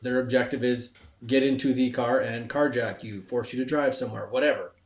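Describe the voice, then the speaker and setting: A man with a mid-range voice joins a casual podcast conversation. He talks in a relaxed way and laughs easily, his voice carrying the echo of the room. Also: medium pitch, brisk.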